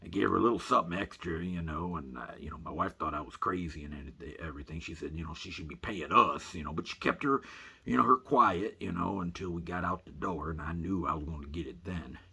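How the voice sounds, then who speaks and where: A man telling a rambling comic story in a folksy way, filling every pause with "you know", as a voice-over for photos. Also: low voice, gravelly, sharp tone, husky.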